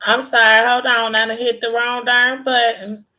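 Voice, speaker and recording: A woman's voice: a little high, little pitch movement, normal speed, pushed and bright. A woman hosting a live-stream call-in show, talking in a blunt, sassy, casual way. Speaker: host.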